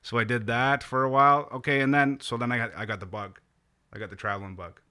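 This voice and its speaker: A man's voice: mid-range voice, fairly even intonation, fast, sharp tone, clean tone. A man in his thirties from Nova Scotia in Canada, a comedian guest telling a rambling, laughing story on a podcast and swearing freely.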